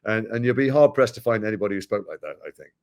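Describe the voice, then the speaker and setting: A man from Britain, talking frankly and wryly as an actor guest in an interview. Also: on the low side. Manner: animated, wry, frank, quick-talking. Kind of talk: candid interview conversation.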